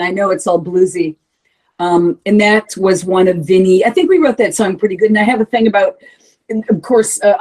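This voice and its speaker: A woman singer talking candidly in a casual interview, swearing freely and breaking into animated asides. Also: mid-range voice, breathy edge, low-quality recording. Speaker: heavy metal vocalist, interview guest.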